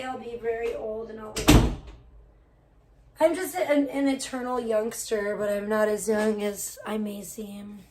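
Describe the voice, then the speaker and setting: A woman hosting a casual livestream who swears freely and slips into high baby talk with her cat. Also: fairly even intonation, a little slow, background noise. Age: adult, older than most of her chat. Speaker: livestream host.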